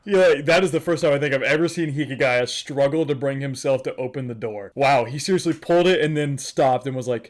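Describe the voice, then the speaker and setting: Male reaction YouTuber, mid-pitched, excitable and gushing, casual commentary. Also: fairly quick, hardly any pauses. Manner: excitable, emotional, gushing, repeats himself.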